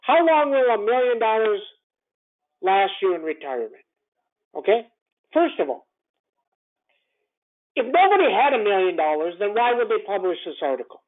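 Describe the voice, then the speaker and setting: A man runs through a morning market call in a blunt, animated way, looping back on phrases and firing off rhetorical questions. His voice swings up and down in pitch. The sound is thin and phone-like. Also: normal speed, long pauses. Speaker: stock trading commentator. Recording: tinny phone-line sound.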